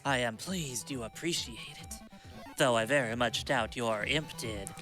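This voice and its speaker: A boastful young sea duelist, voiced by a man, taunts in a grand, theatrical way. The tone is bright and forward, with a middling pitch. Background music plays faintly under the voice. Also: a little slow. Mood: gloating.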